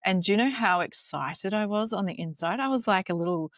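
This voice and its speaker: A woman's voice: medium pitch, a little fast, no room sound, clean studio sound. A mother chatting casually and telling stories, putting on voices for the quotes. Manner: lively storyteller acting out quotes. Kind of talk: casual chat.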